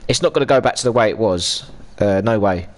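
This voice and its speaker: A man's voice: lowish voice, a little fast. An English man in his thirties chatting casually on a live stream while gaming, ranting and swearing freely.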